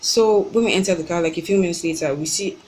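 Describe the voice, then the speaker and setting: A young Nigerian-accented woman vlogging at home, telling her story in an animated, fed-up rant. Her voice sits slightly low, with a faint hiss of background noise behind it. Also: quick pace, low-quality recording. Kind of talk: ranting storytime vlog.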